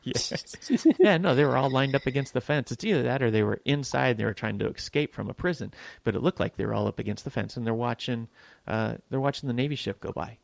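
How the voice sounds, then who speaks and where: A man's voice: medium pitch, fast, creaky, no echo. A man co-hosting a podcast, chatting casually with sarcastic, crude jokes. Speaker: podcast co-host. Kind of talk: casual chat. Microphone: new microphone.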